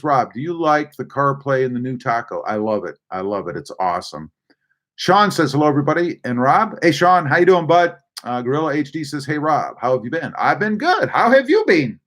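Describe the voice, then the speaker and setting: A man runs a casual live stream and reads viewer comments aloud. His voice sits a little high, and he talks with lots of "uh" and "let's see" fillers between the messages. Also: a bit bright. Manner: reads chat aloud with many fillers and hesitations. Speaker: livestream host.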